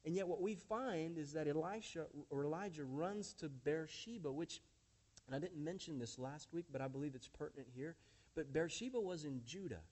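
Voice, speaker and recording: Preaching from the pulpit, a pastor with a notably high, slightly mellow voice speaks emphatically at normal speed, calling his congregation friends and church. He keeps turning his points into rhetorical questions.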